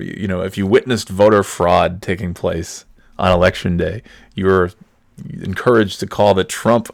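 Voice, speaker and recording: A man's voice: sits low, vocal fry, dry recording, studio quality. A man hosting a casual solo podcast, talking in a sarcastic, profane way and often breaking into laughter. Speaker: podcast host.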